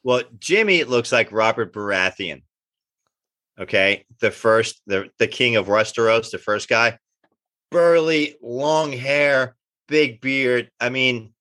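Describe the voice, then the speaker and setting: A middle-aged man, telling animated anecdotes in an interview and acting out the dialogue he quotes. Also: mid-range voice, takes it slowly, no room sound. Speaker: actor guest. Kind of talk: casual interview storytelling.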